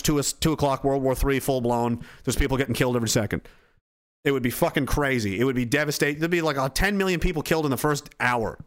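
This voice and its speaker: A man's voice: medium pitch, fairly bright tone, smooth. A man hosting a podcast livestream, ranting casually and profanely, reading chat messages and acting out quoted voices.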